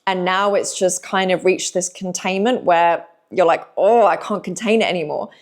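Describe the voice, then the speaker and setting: A young woman, giving a gentle, emotional spiritual message to her viewers, with sighs and slow pauses. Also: on the low side. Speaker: intuitive reader speaking to viewers. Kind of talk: spiritual channeled message to camera.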